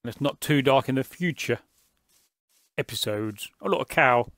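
A man's voice: medium pitch, animated, moderate pace, fairly bright tone, no echo, studio quality. A man giving chatty, joking running commentary as the host of a gaming channel. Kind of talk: casual gameplay commentary.

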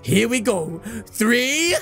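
Woman gaming host, high and excitable, shouty sing-song commentary. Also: extremely slow, faint music behind. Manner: hyped, addresses "ladies and gentlemen", bursts into shouts and sing-song. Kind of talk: excited let's-play commentary.

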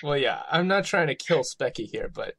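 A man plays in a tabletop game and explains what he wants to do, with wry asides along the way. His voice is husky and a little rough at the edges. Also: fairly high pitch, lively intonation, moderate pace, a bit bright, dry recording. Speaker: player. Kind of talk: casual tabletop play.

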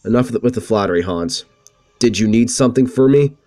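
A man's voice: mid-range voice, fairly quick, dark tone, soft background music, lightly acted. A man voicing a young noble princess who leads an army, reading the game lines plainly. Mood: curt.

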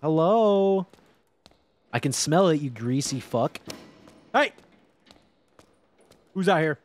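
A man streaming a game live, commenting casually and excitably, swearing and laughing as he plays. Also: fairly high pitch, slow.

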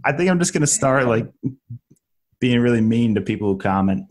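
A man's voice: medium pitch, lively intonation, brisk. A young man co-hosting a podcast in casual chat, joking around, swearing and laughing often. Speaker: podcast co-host.

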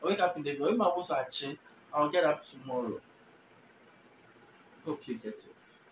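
A Ghanaian man teaching a language lesson, repeating each phrase slowly and translating it patiently. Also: fairly high pitch, fairly bright tone. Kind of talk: relaxed spoken language lesson. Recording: roomy, distant mic with faint noise.

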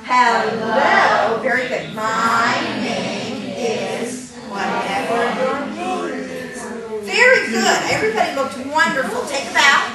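A woman leading a hands-on puppetry workshop, energetic and upbeat, laughing often and counting the group along. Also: high-pitched. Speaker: puppetry instructor. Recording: echoey room from a distance, noisy.

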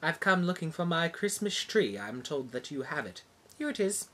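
A pompous soap opera diva, played by a woman in a comic parody, speaking in a low, husky voice with a bright edge. Her pitch swings widely as she overplays every line with mock drama. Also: very animated, moderate pace, heavily acted. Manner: overblown, mock-dramatic delivery.

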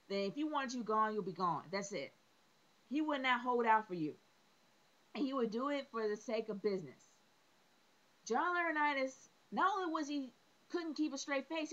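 A woman's voice: mid-range voice, fairly bright tone, muffled recording. A woman reviewing a wrestling show, exasperated and opinionated, piling up rhetorical questions and repeating her points.

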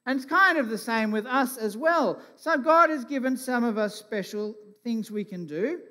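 A man leading a children's talk at a church, asking gentle questions and playing along with a puppet. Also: very high voice, animated, normal speed. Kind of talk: kids' talk from the stage. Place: church hall. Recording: church hall reverb.

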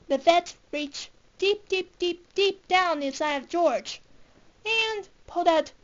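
A woman reading a picture book aloud, slowly and haltingly, restarting words, on a dull lo-fi recording. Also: very high-pitched. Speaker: storybook reader.

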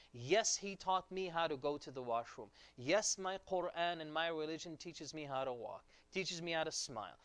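A man teaching a Quran commentary lecture in an earnest, conversational way, with quick Arabic recitation of verses. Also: fairly high pitch, a bit bright, dry recording.

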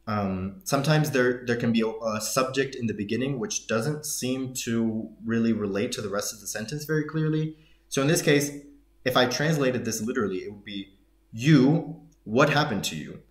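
A man's voice: mid-range voice, moderate pace. A man teaching a language lesson, walking through a dialogue with thoughtful explanations and many fillers. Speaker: Arabic teacher. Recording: echoey room.

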